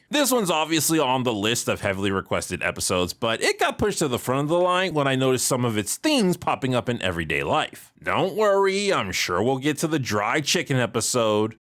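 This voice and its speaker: A host giving a comedic cartoon review full of wry asides. The voice sits at a middle pitch but leaps around wildly in pitch as the jokes land. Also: a bit bright.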